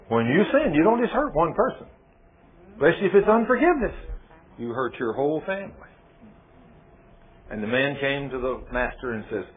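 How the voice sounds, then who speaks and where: With a little hiss or hum on a tinny, phone-like radio broadcast, a man in a mid-range voice preaches a sermon. He keeps throwing rhetorical questions at listeners and tells scripture stories with quoted lines of dialogue.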